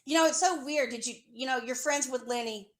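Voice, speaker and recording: A woman with a high voice tears into someone in a furious, confrontational rant. She is accusatory and sarcastic, and she swears freely. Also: a little fast, fairly bright tone.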